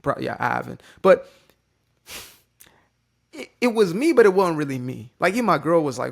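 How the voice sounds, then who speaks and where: A man's voice: medium pitch, expressive, normal speed, vocal fry. A man giving an unscripted, motivational talk to his camera, joking and swearing casually as a content creator. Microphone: facing a ring light on camera.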